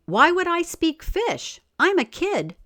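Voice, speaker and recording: A pushy, easily annoyed young boy in a children's storybook, his voice pitched high and swinging up and down, as a woman puts him on. He talks in a demanding, whiny way, recorded close and dry. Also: wildly swooping pitch, takes it slowly, sharp tone, dry recording, exaggerated voice. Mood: indignant. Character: impatient young boy, quick to get annoyed. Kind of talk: children's storybook read-aloud.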